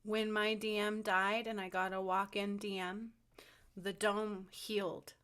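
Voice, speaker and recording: A woman's voice: medium pitch, level tone, measured pace, fairly bright tone, clean tone. A woman giving a rambling, fervent spiritual monologue to camera, with frequent ums and restarts. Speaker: spiritual channel host.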